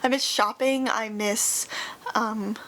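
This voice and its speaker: A woman's voice: a little high, steady tone, slow pace, a bit bright. A young woman talking casually to her viewers, rambling through lots of fillers and restarts and sounding wistful and nostalgic, close to tears at times. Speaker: YouTuber. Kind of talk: casual chat.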